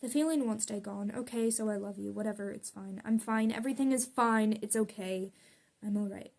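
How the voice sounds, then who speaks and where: A woman's voice: medium pitch, a little fast, creaky, a little mellow. A young adult woman reading her own poems aloud in an earnest, confessional way. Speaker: poet.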